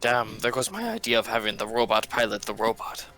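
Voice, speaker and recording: A man playing a tabletop game, cracking quick jokes. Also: medium pitch, sing-song, bright, forceful tone, faint music behind. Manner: joking, quick quips. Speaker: player.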